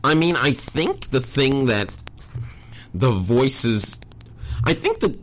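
A man's voice: medium pitch, very animated, slow, a bit bright. A man as a podcast guest, talking casually and candidly, rambling with many fillers and self-corrections. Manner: rambling, self-deprecating, frequent "like". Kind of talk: casual conversation.

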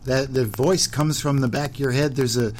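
Man asking probing, gentle questions. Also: mid-range voice, fairly even intonation, moderate pace, a little hiss or hum. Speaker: host. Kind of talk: casual interview.

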